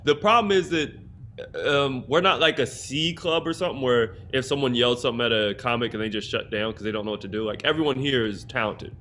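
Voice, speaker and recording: A man's voice: mid-range voice, fairly quick, sharp tone, a little hiss or hum. A man who hosts a comedy club, chatting casually, telling stories, laughing a lot and acting out quotes. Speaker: comedy club host, runs open mic. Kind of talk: casual chat.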